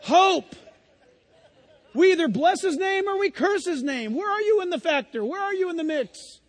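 In a church with a long reverb tail, a man delivers a sermon in an extremely high-pitched, expressive voice, moving a little fast. As a pastor, he tells stories in a conversational way and keeps asking his congregation rhetorical questions.

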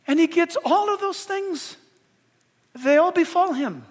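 A man preaching a sermon to his church, swinging between shouted lines and hushed, intense passages. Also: very high-pitched, moderate pace, big-room sound. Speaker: pastor.

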